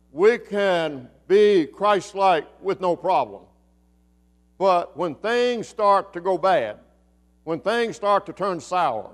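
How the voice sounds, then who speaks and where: An older man with a Southern American accent, preaching a sermon as pastor of a church, acting out the voices of the people in his story and dropping from loud emphasis to hushed storytelling. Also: sits high. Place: church sanctuary.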